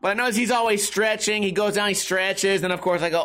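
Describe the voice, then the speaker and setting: A man's voice: high-pitched, steady tone, normal speed, fairly bright tone. A young man rambling through a crude, self-mocking comedic monologue as a podcast host.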